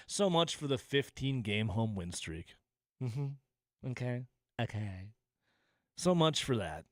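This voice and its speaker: A man's voice: medium pitch, no echo, clean studio sound. A man hosting call-in sports radio, mocking and sarcastic, stretching out his jokes. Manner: mocking, sarcastic, drawn-out asides. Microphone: studio microphone.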